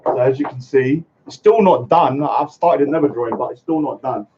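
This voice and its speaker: A man chatting casually on a live stream, rambling and halting with many fillers and greeting viewers by name. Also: medium pitch, slight background noise. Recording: muffled lo-fi stream audio.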